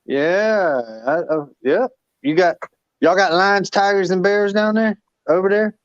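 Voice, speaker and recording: A man's voice: sits high, a little slow, smooth, dry recording, lo-fi sound. A man from North Carolina hosting a joking live chat, clowning around and slipping into impressions.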